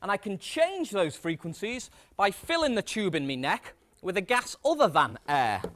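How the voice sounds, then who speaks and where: A man presenting a comic science demonstration on stage to a live audience, energetic and self-mocking. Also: high voice, moderate pace.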